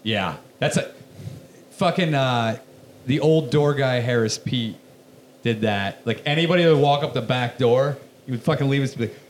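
A man guesting on a podcast, telling profane, animated stories from his early comedy club days. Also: medium pitch, normal speed, a little hiss or hum. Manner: animated, profane storyteller, gets loud in retellings. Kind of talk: casual podcast chat.

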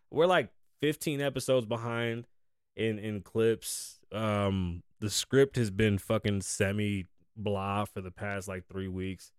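A man hosting a podcast in casual chat, blunt and profane, shifting between low, weary venting and loud, hyped bursts. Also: smooth, dry recording, clean studio sound. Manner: profane, blunt and frank, slangy. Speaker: podcast host.

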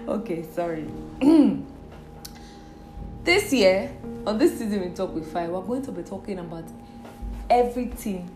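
A Nigerian woman hosts her solo podcast in a loose, chatty way. She is playful, with sudden loud bursts followed by quiet muttered asides. The sound is roomy and echoey, with faint music underneath. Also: mid-range voice, expressive, unhurried, long pauses. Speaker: podcast host. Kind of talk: casual solo podcast chat.

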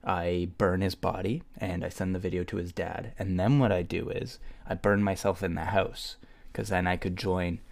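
A man in casual chat, playfully spinning a hypothetical revenge story with quick, animated bursts and frequent laughter. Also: low voice, creaky.

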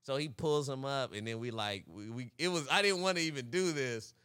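A man's voice: mid-range voice, fairly quick, a bit bright, clean tone, no room sound, studio quality. A young man co-hosting a podcast, telling a story in casual chat, acting out the quotes and laughing often. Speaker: podcast co-host.

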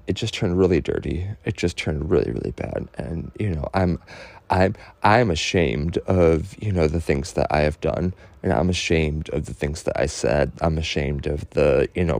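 A man telling a personal story in a halting, earnest way, full of fillers and restarts, openly emotional. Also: very deep voice, creaky, a little mellow, no room sound.

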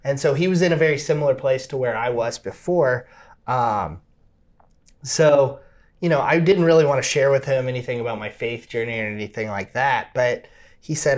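A podcast co-host telling a lively personal story, laughing often and acting out the people in it. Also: male voice, mid-range voice, normal speed. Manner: laughs often, acts out quoted voices. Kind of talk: animated storytelling.

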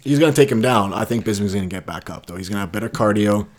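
Laid-back low-voiced guest. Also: male voice, very fast. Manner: laid-back, agreeable, frequent yeahs. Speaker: podcast guest. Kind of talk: casual chat.

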